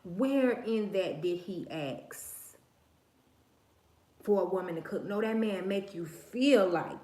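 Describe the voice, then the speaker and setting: A woman's voice: medium pitch, lively intonation, takes it slowly, darkish tone, echoey room. A woman hosting a livestream, giving her opinions in a slangy, emphatic, preachy way, repeating her phrases. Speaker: livestream host. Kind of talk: casual opinion monologue on a livestream.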